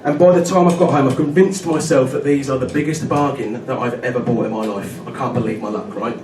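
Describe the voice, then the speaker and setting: At a pub comedy night, a thirty-something man performs stand-up in a medium-pitched voice that runs a little fast. Chatty throughout, he keeps checking in with the audience with "right?". The sound comes from far off in an echoey room, buried in loud noise.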